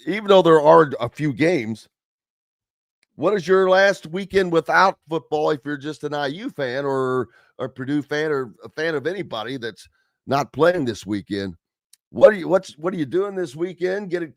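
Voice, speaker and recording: A man's voice: fairly high pitch, normal speed, no echo, clean studio sound. A man hosting a sports talk radio show, chatting casually in a rambling way and reading listener comments aloud.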